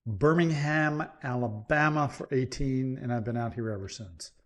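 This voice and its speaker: A man's voice: mid-range voice, normal speed. A man born in Scotland, speaking as a leadership coach guest, earnest and storytelling on a remote call. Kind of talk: conversational interview. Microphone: remote call mic.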